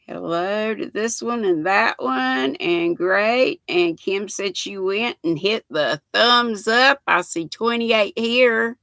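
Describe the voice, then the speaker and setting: Older North Carolina woman, Southern accent, livestream host; bright and gravelly, folksy. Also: medium pitch, no room sound. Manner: chatty, folksy, greets viewers by name. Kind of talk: casual livestream chat reading comments.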